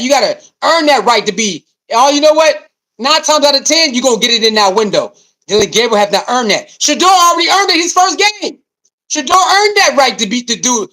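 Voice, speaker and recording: Animated, lively-voiced man ranting about sports. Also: very high voice. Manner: repetitive, emphatic, keeps asking rhetorical questions; talks straight to the audience. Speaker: sports commentary host. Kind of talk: animated sports commentary rant.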